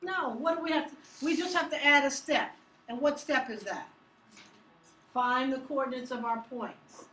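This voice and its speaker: A woman's voice: high voice, moderate pace, bright, forceful tone, a little hiss or hum. A woman teaching math to a class, upbeat and teasing, asking students questions as she works through problems. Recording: echoey classroom from far off.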